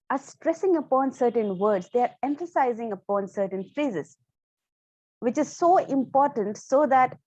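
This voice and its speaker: A woman teaching public speaking to camera. She stresses key words and uses deliberate pauses. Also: fairly high pitch, mellow, dry recording, highs cut off. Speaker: speaking coach. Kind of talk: instructional talk to camera.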